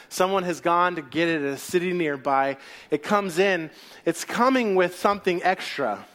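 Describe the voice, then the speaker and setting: A male pastor preaching a sermon as an animated storyteller who acts out the scenes. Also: high-pitched.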